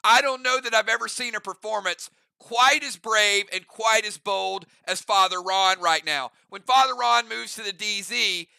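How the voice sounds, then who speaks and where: A man putting on the voice of a grandiose male sports-film narrator, speaking slowly and dramatically. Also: high voice, gravelly, smooth, no echo, full character voice. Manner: slow, hushed, dramatic delivery.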